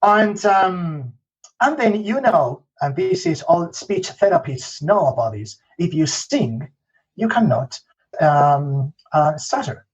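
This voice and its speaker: A podcast guest from Spain, speaking with a Spanish accent, tells stories in a casual interview, slipping in "okay?" and "you know" and restarting often. His voice is a little high and husky, swings widely in pitch, and moves slowly over lo-fi audio.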